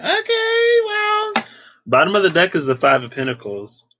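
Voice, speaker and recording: A man's voice: medium pitch, expressive, fast talker, bright, forceful tone, muffled recording, a little hiss or hum. Chatty man giving a tarot reading. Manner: chatty, lots of "like" and playful asides. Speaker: tarot reader.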